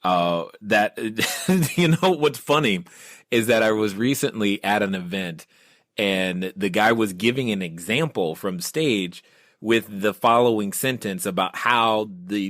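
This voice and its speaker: A man's voice: on the low side, fairly bright tone, no room sound, studio quality. A man hosting a podcast interview, interjecting eagerly and laughing between his questions. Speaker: podcast host.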